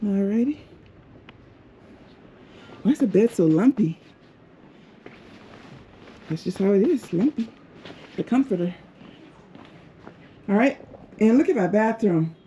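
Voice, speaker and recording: A woman's voice: medium pitch, animated, takes it slowly, long pauses, dark tone, a little hiss or hum. A middle-aged woman filming a casual tour of her hotel room, exclaiming and laughing often. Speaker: travel vlogger. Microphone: handheld camera.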